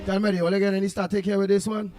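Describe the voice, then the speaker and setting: A Trinidadian man hosting a morning radio show, rambling playfully with bursts of loud greetings. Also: sits high, little pitch movement, rapid-fire, music in the background. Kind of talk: casual call-in radio chat.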